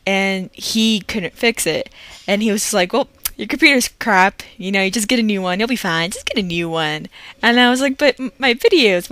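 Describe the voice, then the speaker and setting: A woman's voice: mid-range voice, a bit bright, no room sound. A young woman in a casual vlog, rambling and correcting herself as she explains her long absence, recorded on a laptop microphone. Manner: rambling and self-correcting, with many fillers. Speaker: let's play creator.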